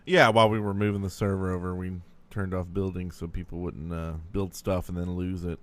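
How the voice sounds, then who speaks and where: A man's voice: low-pitched, little pitch movement, fairly quick. A man co-hosting a podcast, teasing his co-host playfully in casual chat.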